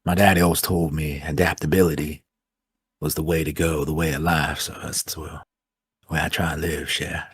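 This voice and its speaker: A man's voice: rumbling low, flat delivery, normal speed, slightly rough, dry recording, full character voice. A man voicing an easygoing Louisiana bayou man with a laid-back drawl.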